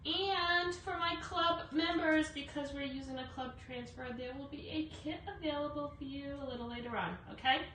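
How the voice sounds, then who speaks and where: A woman's voice: a little high, bright, forceful tone. Chatty woman hosting a craft livestream. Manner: chatty, greets viewers by name, many fillers. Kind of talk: casual live craft demo. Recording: echoey room, voice from a distance, faint noise.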